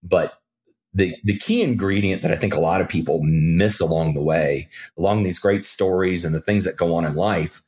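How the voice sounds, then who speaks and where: A middle-aged man, a podcast guest, telling a story in casual talk and acting out the quoted lines with jumps in pitch. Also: normal speed. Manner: animated, acts out quoted dialogue with jumps in pitch.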